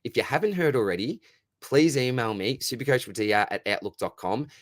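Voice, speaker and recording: A man's voice: medium pitch, animated, brisk, no room sound. A young Australian man hosting a casual live question-and-answer stream, upbeat and matey, and losing his voice.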